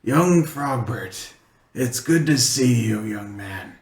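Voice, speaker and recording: A man voicing an old village master who speaks quietly and formally, with measured words. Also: mid-range voice, lively intonation. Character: old male village master, calm and stern. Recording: roomy with faint noise.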